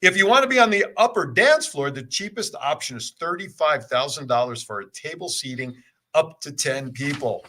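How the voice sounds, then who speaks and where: A man's voice: a little high, lively intonation, normal speed, sharp tone, a little hiss or hum. A man hosting a talk show who jokes around with his guest and reads news items aloud. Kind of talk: casual interview chat.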